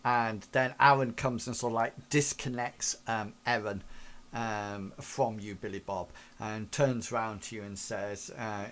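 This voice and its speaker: A man narrates a tabletop game as game master, rambling along with plenty of fillers. His voice sits at an ordinary middle pitch, with faint background noise. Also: fairly even intonation, measured pace, a bit bright.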